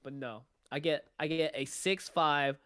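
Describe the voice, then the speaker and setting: A man's voice: on the high side, fairly even intonation, measured pace, fairly bright tone, smooth, no echo, clean studio sound. A young adult man co-hosting a podcast, joking and telling stories in casual chat. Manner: joking, teasing, storytelling. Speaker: podcast co-host.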